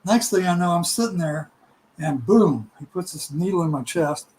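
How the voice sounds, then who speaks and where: A middle-aged man tells a rambling personal story in casual chat, his voice sitting a little high. He is animated and quick to laugh, and slips into the voices of people in the tale. A faint background noise runs under the recording. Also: rough recording.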